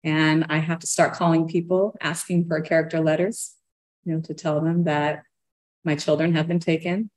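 A woman's voice: deep voice, little pitch movement, moderate pace. A woman earnestly telling her own story, given to a nervous laugh. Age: adult parent of young children. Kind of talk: personal storytelling.

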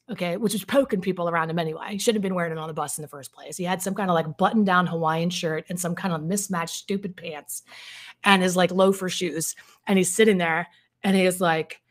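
A woman, a relationship coach, telling a personal story to her viewers in a casual, vivid way, with plenty of fillers and some swearing. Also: fairly low pitch. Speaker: codependency coach.

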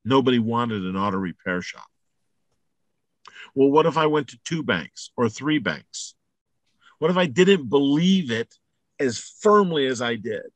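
A man giving a motivational talk, blunt and emphatic, repeating his points and building to loud peaks. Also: mid-range voice, expressive, measured pace, long pauses, no echo. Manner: salty, blunt language. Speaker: motivational speaker.

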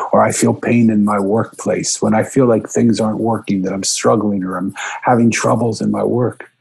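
A middle-aged man tells a personal story earnestly, sounding emotional and reflective, and his pitch leaps up whenever he quotes himself. His voice is creaky, husky, and somewhat dark, and the recording is rough.

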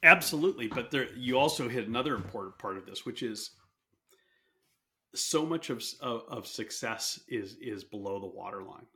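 A man hosting a podcast, talking earnestly in a relaxed conversation, often restarting his phrases. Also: medium pitch, moderate pace. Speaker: podcast host.

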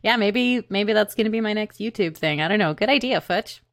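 A woman's voice: medium pitch, a little fast. A woman, a singer-songwriter guest, telling stories in casual chat, laughing often and leaning on "like". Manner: laughs often, storytelling, says "like" a lot. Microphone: USB condenser microphone.

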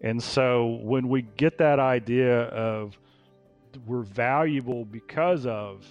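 Animated male business coach. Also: fairly low pitch, dull audio. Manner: animated, repeats phrases, laughs often. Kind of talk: casual interview talk.

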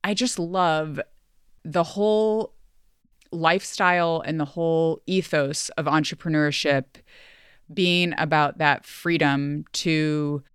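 A woman's voice: deep voice, fairly even intonation, takes it slowly, smooth, dry recording. A woman hosting a solo podcast, speaking earnestly and emotionally, close to tears, in a chatty way full of fillers. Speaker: podcast host. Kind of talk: heartfelt solo podcast farewell.

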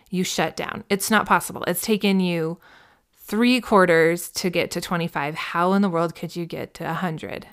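A woman's voice: lowish voice, fairly even intonation, normal speed. A woman business coach talking through a podcast episode in an earnest, encouraging, conversational way. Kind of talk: podcast monologue.

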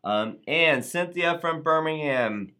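A man's voice: on the high side, animated, slow, sharp tone, smooth. A man hosting a live show, reading viewer comments in an upbeat, playful way and sometimes tripping over words. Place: Atlanta area.

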